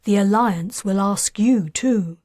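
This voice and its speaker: A soft-spoken, earnest man, as a woman reads him in a science fiction audiobook. He talks slowly and gently, in a hushed, lowered voice, close and dry with no room sound. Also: dry recording. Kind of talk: audiobook character reading.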